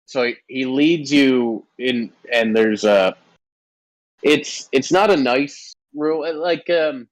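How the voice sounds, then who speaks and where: A man's voice: medium pitch, takes it slowly, dry recording, poor audio. A man running a tabletop game as game master, narrating with many fillers and restarts.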